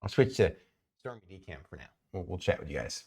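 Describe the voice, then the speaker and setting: A man's voice: deep voice, sing-song, a little fast, a little mellow, husky. A man acting as game master on a live stream, chatting casually with laughs and stammered restarts.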